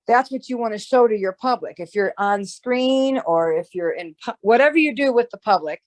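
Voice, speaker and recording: Expressive and fairly high in pitch, she speaks at a normal pace as an astrologer guest in a laid-back conversation. Her explanations run long and rambling, with restarts and frequent "right?" tags.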